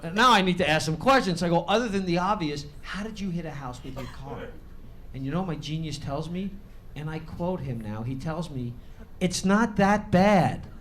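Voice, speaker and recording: Brash high-voiced male stand-up comic. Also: brisk, slight background noise. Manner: brash, swears freely, shouts punchlines. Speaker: stand-up comedian. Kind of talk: stand-up comedy set. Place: comedy club stage.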